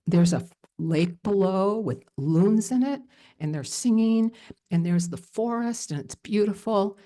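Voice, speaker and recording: A woman telling a personal story at a live storytelling event, animated and emotional, with many fillers. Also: mid-range voice, a little slow.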